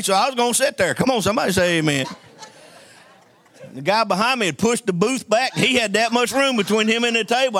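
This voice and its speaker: Preacher guy, high ringing voice, dry close sound, folksy call and response. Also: bright, forceful tone, no echo. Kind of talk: sermon.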